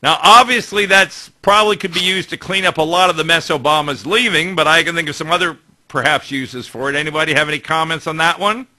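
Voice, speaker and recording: A male talk show host with a high, very bright and cutting tone. He steers the banter briskly and adds wry asides as he moves through each segment. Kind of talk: casual talk radio banter.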